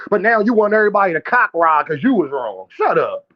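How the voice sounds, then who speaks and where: A man's voice: sits high, big pitch swings, fairly quick, muffled recording. A man hosting a boxing livestream in casual commentary, brash and profane, trash-talking viewers and calling out his chat directly.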